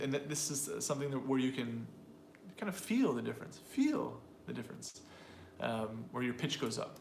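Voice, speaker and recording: A man's voice: medium pitch, vocal fry, a bit bright, slight background noise. Rambling man explaining in an echoey room. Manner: rambling, restarts, playful demonstrations of voices. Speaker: co-host, English teacher. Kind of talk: casual explanatory chat. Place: room with a piano. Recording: echoey room, faint ambience.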